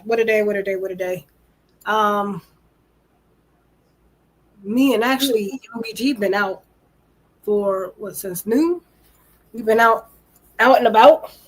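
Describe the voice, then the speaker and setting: A woman's voice: mid-range voice, low-quality recording. A woman co-hosting a casual livestream talk show, chatting in a rambling, tired way.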